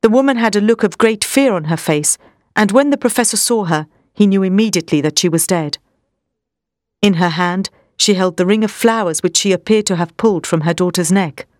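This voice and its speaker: Brief: a woman narrator with a middle-pitched voice who reads a story at a steady, measured pace. The recording is dry and close. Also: no room sound. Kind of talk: storybook reading.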